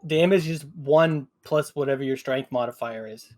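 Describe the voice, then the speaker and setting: A man's voice: mid-range voice, normal speed, a little mellow. Man player, mid voice, easygoing, explains rules. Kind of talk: casual tabletop play.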